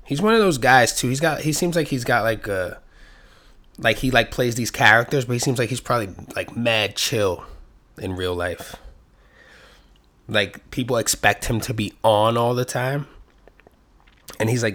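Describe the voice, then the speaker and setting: A man talking casually and at length, rambling and cursing freely, with his voice rising and getting louder when he gets excited. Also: medium pitch, normal speed, long pauses. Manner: rambling, profane, self-reflective. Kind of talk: casual solo chat.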